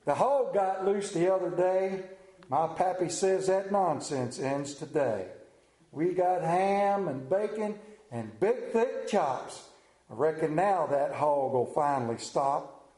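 A folksy country farm man, as a pastor puts him on, recites his supper rhyme in a slow, hammy rural drawl. The voice sits a little higher than a plain speaking voice and has a mellow tone. It rings through an echoey church sanctuary.

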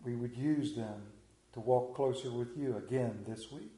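A man's voice: medium pitch, unhurried, dark tone, reverberant, rough recording. A man, preaching a sermon and telling a story in a folksy, drawling manner. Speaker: pastor. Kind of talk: sermon with scripture reading and prayer.

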